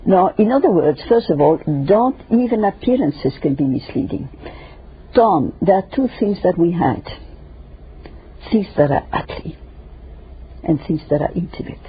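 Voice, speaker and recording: An older woman guest in an interview discussion, speaking emphatically and lecturing in numbered points with a raspy, gravelly voice. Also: fairly low pitch, animated, moderate pace, pauses often. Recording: dull lo-fi radio recording.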